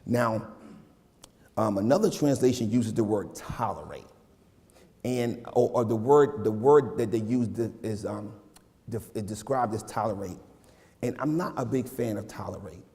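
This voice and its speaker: A man's voice: lowish voice, a little slow. A male minister preaching a conversational, slang-laced sermon, speaking directly to his congregation in a church sanctuary. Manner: casual, slangy, animated preaching with asides to the congregation. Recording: long hall reverb in a sanctuary.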